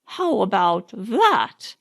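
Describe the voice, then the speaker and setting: A woman reading an audiobook voices a doting, scolding old nanny, high and wailing. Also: very animated, creaky, full character voice. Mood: fond scolding. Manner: high, slow, wailing and coaxing.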